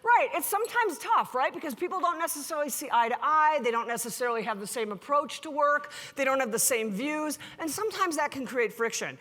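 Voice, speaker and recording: A woman giving a conference keynote, animated and joking, acting out the people she quotes. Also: high-pitched, brisk, hardly any pauses. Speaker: keynote speaker. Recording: echoey hall with long reverb.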